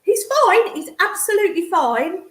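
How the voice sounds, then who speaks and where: Woman, psychic medium, swooping lively pitch, affectionate chatter. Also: moderate pace, roomy sound. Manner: animated, affectionate, calls sitter darling. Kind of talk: live psychic reading.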